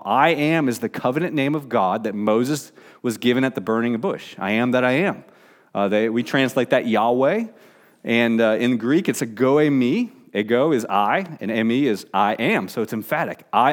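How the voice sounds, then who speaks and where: A man's voice: medium pitch, lively intonation, fairly quick. Conversational middle-aged male preacher. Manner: conversational, with frequent fillers and restarts. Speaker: pastor. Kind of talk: sermon.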